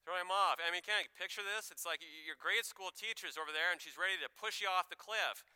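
A man preaching a sermon in an animated, conversational way, acting out voices as he tells the story. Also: high-pitched, a little fast, hardly any pauses, clear, resonant tone, no room sound. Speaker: pastor.

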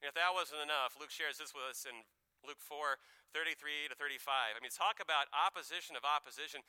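A man preaching a sermon in an animated, conversational way, acting out voices as he tells the story. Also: fairly high pitch, brisk, clear, resonant tone, dry recording. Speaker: pastor.

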